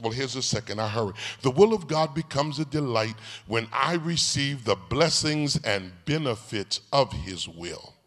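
A man preaching a live sermon as pastor, in an animated, folksy storytelling way, calling out to people in the congregation. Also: medium pitch, moderate pace, few pauses. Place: large church sanctuary. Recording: echoey hall reverb.

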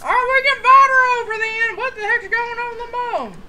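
High-voiced woman muttering about a game. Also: fairly quick, heavy background noise. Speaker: let's-play co-host. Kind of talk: casual gameplay chat.

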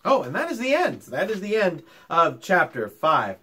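A man's voice: sits high, moderate pace, breathy edge. A male teacher reading a children's chapter book aloud and chatting with his young pupils about it. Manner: animated, talks to children directly.

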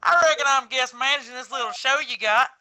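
A man's voice: very high-pitched, steady tone, fast, sharp tone, full character voice, rough recording. A guy doing a proud Southern redneck man. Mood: rowdy. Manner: folksy drawl with "reckon" and "heck". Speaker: guest manager.

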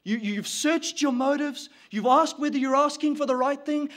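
Male preacher, high-pitched, dramatic sermon delivery swinging from hushed to loud. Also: moderate pace, few pauses. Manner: voices the prayers of grieving people.

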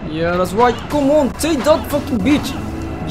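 A gaming host talks over a loud game soundtrack, swearing nonstop and shouting at the screen. The delivery is slow and drawn out, with the pitch leaping up and dropping down all the time. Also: sing-song. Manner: swears constantly, yells at the game. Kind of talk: let's play commentary. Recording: loud game music behind.

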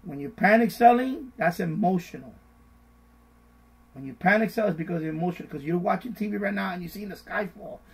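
Gravelly, animated man giving market advice. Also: high voice, brisk, rough recording. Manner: repetitive, animated, mocks panicked voices. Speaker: finance live-stream host. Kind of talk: casual investing advice live stream.

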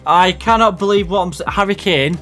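A young man commentating on a football video game he is playing, jumping between loud outbursts and low muttered asides. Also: brisk, soft background music. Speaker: gaming commentator.

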